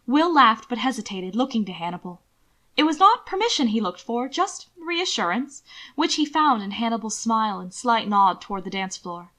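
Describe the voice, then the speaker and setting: A woman narrating a fan fiction audiobook with expressive storytelling. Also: mid-range voice, moderate pace.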